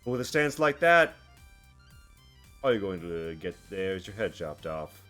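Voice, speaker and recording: A man gives voice to a cool, stern swordswoman in a tabletop game, dry and scornful as she scolds a beaten foe. The voice stays low, as deep as his own. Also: big pitch swings, normal speed, fairly bright tone, faint music behind.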